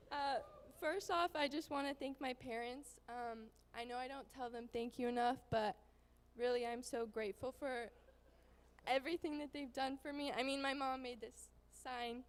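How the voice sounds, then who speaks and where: A woman's voice: sits high, steady tone, normal speed, big-room sound. A teenage girl, a student athlete, giving a grateful thank-you speech with small laughs. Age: teens.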